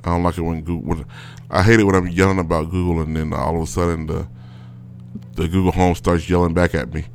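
Low-voiced man ranting, full of fillers. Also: level tone, quick pace, slight background noise. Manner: rambling, many fillers and restarts. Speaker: solo show host. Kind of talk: casual ranting monologue. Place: home with a smart speaker.

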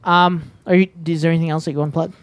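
Brisk joking man hosting a podcast. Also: on the high side, steady tone, dry recording. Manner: brisk, joking, swears casually. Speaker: podcast host. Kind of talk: casual chat.

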